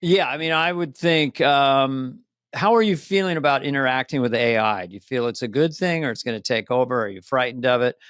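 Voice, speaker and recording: A man in his sixties co-hosting a podcast in casual chat, animated and fond of breaking into accents. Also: mid-range voice, a little fast, smooth, no echo, clean studio sound. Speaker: podcast co-host.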